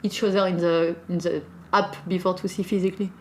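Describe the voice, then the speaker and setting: A French woman with a French accent co-hosting a casual podcast chat in English, her second language, often halting to find words and laughing. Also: lowish voice, little pitch movement, darkish tone, a little hiss or hum. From France. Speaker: podcast co-host.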